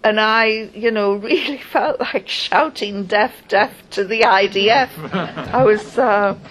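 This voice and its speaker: A woman recounting a personal experience in a halting, wry first-person account, pausing often as she goes. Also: mid-range voice, a bit bright, low-quality recording. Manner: halting, wry storytelling with pauses.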